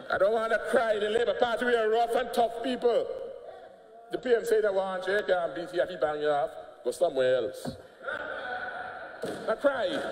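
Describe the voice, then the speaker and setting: An older man with an Antiguan accent giving a combative, mocking speech in parliament. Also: high-pitched. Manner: combative, mocking, laughing jabs. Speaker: politician speaking in parliament. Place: parliament chamber. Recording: echoey chamber, long reverb.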